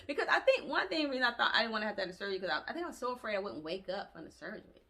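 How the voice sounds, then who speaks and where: A woman vlogger tells her story at a fast clip, chatty and animated. Her voice is bright and forward, and she keeps slipping in colloquial asides. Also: mid-range voice, creaky. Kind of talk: casual storytelling to camera.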